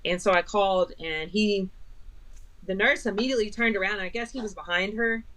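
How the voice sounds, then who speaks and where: A woman's voice: medium pitch, a little fast, sharp tone, low-quality recording. A middle-aged woman vlogger telling a personal story in a rambling way, full of fillers and retold dialogue.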